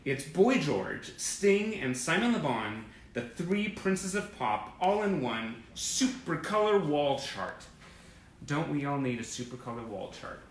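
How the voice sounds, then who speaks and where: A man with a slightly high voice and big pitch swings hosts a fan livestream a little slowly, rambling enthusiastically over old press clippings and naming viewers as he greets them. He streams by webcam or phone from an indoor room with sunlight through a window. The rough recording is echoey with slight background noise.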